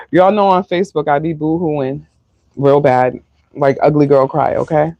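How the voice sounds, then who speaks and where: Woman tarot reader, slow and emotional, dry close sound. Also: deep voice, fairly even intonation, no echo, lo-fi sound. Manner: slow, emotional, sighing, filler-heavy. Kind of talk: live-stream tarot reading.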